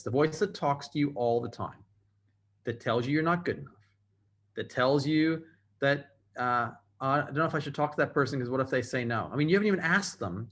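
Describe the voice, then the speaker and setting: A man's voice: mid-range voice, fairly bright tone. A man giving a motivational training talk over a video call, emphatic and repeating phrases for effect. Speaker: motivational speaker.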